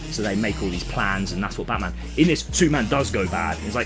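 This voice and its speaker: A young man chatting on a casual podcast, retelling a comic plot with lively acted-out voices. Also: on the low side, fast talker. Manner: animated storytelling, acts out characters' lines. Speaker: podcast co-host. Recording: music playing behind.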